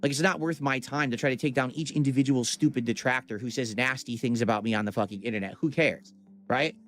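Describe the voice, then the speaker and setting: A man's voice: medium pitch, fast, a bit bright, faint music behind. A man livestreaming to his chat in a casual, profane and defensive rant.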